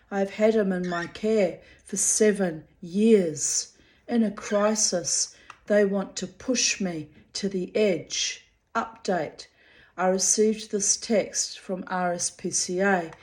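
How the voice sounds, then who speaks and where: A woman's voice: mid-range voice, darkish tone. A woman with a New Zealand accent, reading out messages and adding blunt, bitter, profane commentary. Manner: bitter, blunt, swears freely. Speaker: pet owner recounting a dispute.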